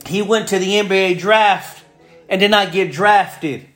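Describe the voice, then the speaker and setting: A man's voice: high-pitched, unhurried, fairly bright tone, faint music behind. A man preaching a sermon with fervor, repeating phrases and building in intensity. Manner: fervent, repetitive, builds in intensity.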